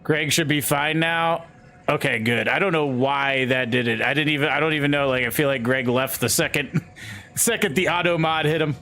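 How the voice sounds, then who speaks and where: A man's voice: on the high side, moderate pace, pushed and bright, slight background noise. Easygoing man in his forties streaming. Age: 40s. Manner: easygoing, greets viewers by name, laughs often. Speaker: game streamer. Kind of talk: casual live-stream chat.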